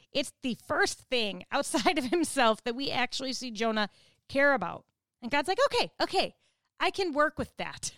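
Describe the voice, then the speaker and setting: A woman in her thirties teaching a Bible passage in a casual, animated way, laughing often and acting out what people say. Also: a little high, clean tone, no room sound, clean studio sound. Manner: animated, laughing, acts out voices of kids and God. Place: US Midwest.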